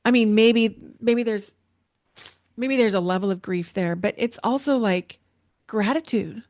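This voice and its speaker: An intuitive coach in middle age hosts her podcast, offering an earnest and emotional personal reflection and repeating things for emphasis. She speaks unhurriedly in a slightly high, somewhat mellow voice. No room sound comes through.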